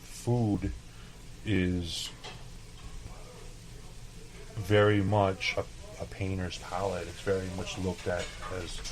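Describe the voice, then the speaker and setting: A man's voice: low voice, little pitch movement, slow, pauses often, slight background noise, rough recording. A man from El Paso, a chef and podcast guest, telling casual, profane stories and acting out past conversations. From El Paso, Texas. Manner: profane, laid-back, acts out dialogue. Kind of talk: casual interview storytelling.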